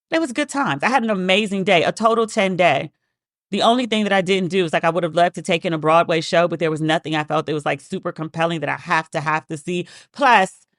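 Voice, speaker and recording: A woman hosting a podcast, telling casual stories in a chatty, animated way and acting out the voices of people she quotes. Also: lowish voice, no room sound, studio quality. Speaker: podcast host. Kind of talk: casual storytelling monologue.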